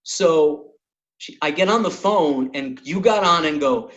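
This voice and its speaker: A podcast host and comedian, a man with a slightly high, slightly slow voice, tells a long comic anecdote. The chat is casual and profane, and he's animated, swearing his way through the story.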